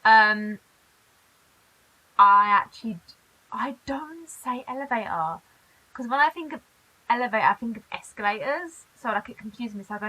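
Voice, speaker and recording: A British woman from the UK chatting in a casual vlog, animated and quick to laugh. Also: mid-range voice, slightly rough, rough recording. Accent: British English. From United Kingdom. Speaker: YouTuber.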